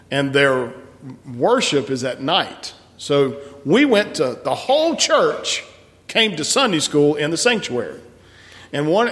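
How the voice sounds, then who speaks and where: A man's voice: a little high, fairly bright tone. A man who leads a church service, folksy and encouraging, often restarting his sentences. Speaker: pastor leading a church service. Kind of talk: church announcements and congregational song leading. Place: large church sanctuary. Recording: long hall reverb from a sanctuary.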